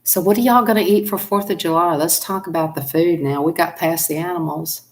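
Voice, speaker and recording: A woman's voice: on the low side, steady tone, a little fast. A woman with a Southern US accent, hosting a casual chat to her viewers, talking chattily, laughing often and acting out little voices. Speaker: channel host.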